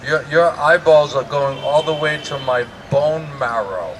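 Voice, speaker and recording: Man, monk, morning class, joking sermon, slightly high voice, distant mic, noisy room. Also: measured pace. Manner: joking, chatty, laughs often. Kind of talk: conversational sermon. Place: temple class in India.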